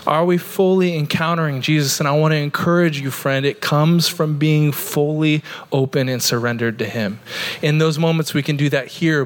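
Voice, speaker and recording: A man's voice: on the high side, a bit bright. A man in his thirties from Oregon, preaching a sermon in a church in an earnest, conversational way, with lots of "like" fillers. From Oregon, USA. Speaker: pastor. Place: church sanctuary.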